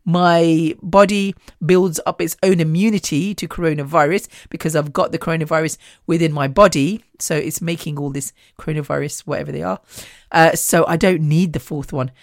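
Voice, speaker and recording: A woman's voice: deep voice, steady tone, moderate pace, dry recording, studio quality. A woman hosting her own podcast, talking candidly and chattily, swearing freely and restarting often. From Indian heritage. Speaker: podcast host. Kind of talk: casual solo podcast chat.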